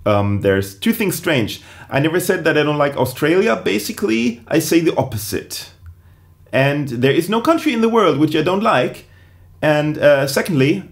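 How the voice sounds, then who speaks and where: Sarcastic man, high voice. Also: very animated, moderate pace. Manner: dry, sarcastic delivery. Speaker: comedian. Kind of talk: comedic vlog to camera.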